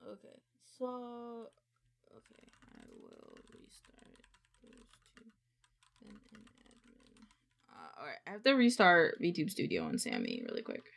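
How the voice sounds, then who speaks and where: A woman streamer chatting casually, excitable and gushing, swearing and muttering to herself. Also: on the low side, a little slow, vocal fry, slight background noise. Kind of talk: casual live-stream chat.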